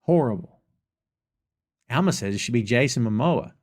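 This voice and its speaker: A man with a Southern US accent hosts a live question-and-answer podcast, speaking in a mid-range, animated voice at a normal speed. He rants emphatically yet casually, repeating lines for effect.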